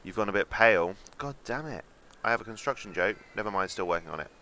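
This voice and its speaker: A man's voice: on the low side, animated, quick pace, pushed and bright. A young man chatting and joking as he streams a game, reading out chat and swearing now and then. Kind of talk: casual gameplay commentary.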